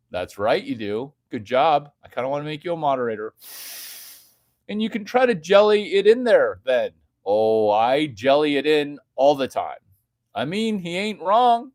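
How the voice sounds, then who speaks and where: A man's voice: mid-range voice, big pitch swings, unhurried, darkish tone, no room sound, clean studio sound. A man hosting a livestream, reading chat aloud and riffing on it in a provocative, mocking way. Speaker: livestream host.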